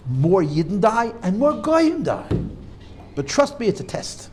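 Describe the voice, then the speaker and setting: A male rabbi with a fairly high voice that swings widely in pitch as he lectures. He drives his points home with forceful repetition and drops Hebrew and Yiddish words into his English. A faint hiss sits under the recording. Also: very animated, measured pace. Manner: forceful, repeats key points, mixes in Hebrew and Yiddish terms. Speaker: rabbi teaching a class. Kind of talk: emphatic lecture.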